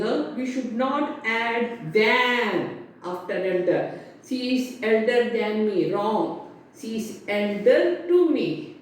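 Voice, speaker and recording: A woman teaching grammar to a class, speaking slowly and spelling out words letter by letter. Her voice sits a little high. She is heard from far off in a very echoey room. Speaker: English teacher.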